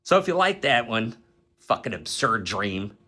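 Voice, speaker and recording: A man's voice: mid-range voice, measured pace. A man retelling an absurd dream in a loose, casual way, swearing often and laughing at his own story. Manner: profane, animated, laughs while telling.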